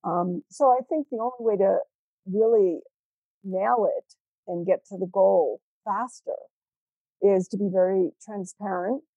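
Warm-voiced woman career coach. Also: mid-range voice, measured pace, no echo, dull audio. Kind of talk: casual interview chat.

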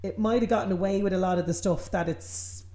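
An Irish woman talking casually on a podcast, wry and chatty. Her voice sits at a middling pitch and carries a noticeable roomy echo. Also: a little fast, mellow. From Ireland. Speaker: podcast co-host. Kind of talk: casual chat.

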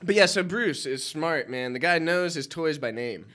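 A man's voice: fairly high pitch, expressive, normal speed, pushed and bright. Young man telling easygoing stories. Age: young adult. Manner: easygoing storytelling, drops to a mumble at times. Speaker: podcast co-host. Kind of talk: casual chat.

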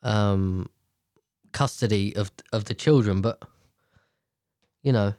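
Slow and lowish, with a darkish tone, this podcast host rambles through casual solo chat at a table in his home. He swears a lot and keeps restarting sentences; the recording is dry and studio quality.

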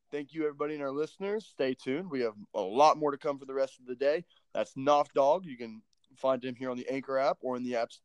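A man's voice: medium pitch, smooth, no room sound. A man hosting a podcast in a casual, easygoing way, talking with a guest and wrapping up a segment. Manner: easygoing, with filler words. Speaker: podcast host.

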